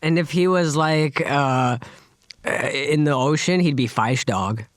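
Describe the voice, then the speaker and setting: A young man co-hosting a casual podcast, trading sarcastic, quick banter. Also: on the high side, no echo, clean studio sound. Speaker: podcast co-host.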